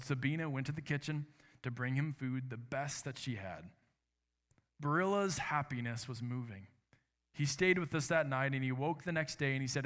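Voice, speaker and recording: A man preaching a sermon, reading a story aloud in an earnest, measured way and voicing its quoted lines with drama. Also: mid-range voice, fairly bright tone, long reverb tail. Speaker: pastor.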